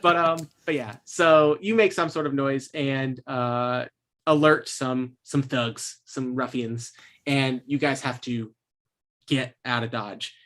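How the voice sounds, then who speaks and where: A man runs a tabletop game on a stream and recaps the story so far. He talks in a loose, meandering way at an ordinary pitch, pausing to hunt for words and laughing now and then. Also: fairly even intonation, fairly bright tone. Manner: rambling, searching for words, laughing often. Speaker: game master. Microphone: streaming microphone.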